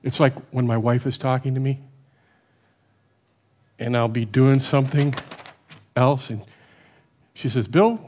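A middle-aged man giving a sermon in a conversational way, often checking with the listeners by asking "right?" and rising and dropping in loudness for emphasis. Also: mid-range voice, flat delivery, unhurried, pauses often. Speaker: preacher.

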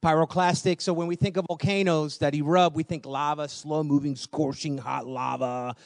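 A man preaching a sermon, telling personal stories in a lively way, laughing often and repeating words as he goes. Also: a little high, normal speed, creaky, dry recording, clean studio sound. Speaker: pastor.

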